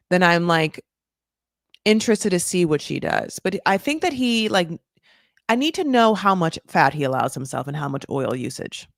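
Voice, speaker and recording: A woman's voice: on the low side, very animated, normal speed, gravelly, dry recording, studio quality. A woman hosting a casual reality-show recap, gossipy and sarcastic, swearing and filling her talk with "like".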